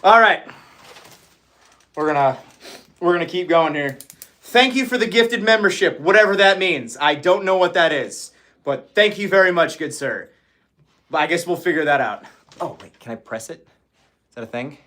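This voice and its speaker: A man's voice: on the high side, expressive, normal speed, pauses often, fairly bright tone. A man hosting a casual livestream chat, ranting with lots of swearing and laughing often. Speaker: livestream host.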